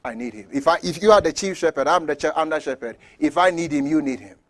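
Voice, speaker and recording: A man preaching a sermon, telling stories with sudden loud bursts and hushed near-whispers, chuckling between points. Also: a little high, quick pace. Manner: animated storytelling, swings from loud shouts to near-whispers. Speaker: pastor.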